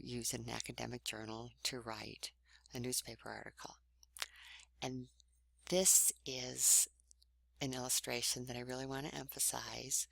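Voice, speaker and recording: Woman teaching writing online, husky voice, dry close recording. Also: rumbling low, no echo. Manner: conversational, explanatory, with many soft breathy trailing phrase endings. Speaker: writing instructor.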